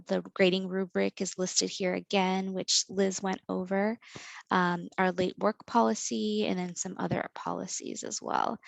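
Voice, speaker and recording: A woman instructor walking students through an online course in a relaxed, filler-heavy way over a video call. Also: medium pitch, creaky, no echo, low-quality recording. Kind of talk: online course orientation walkthrough.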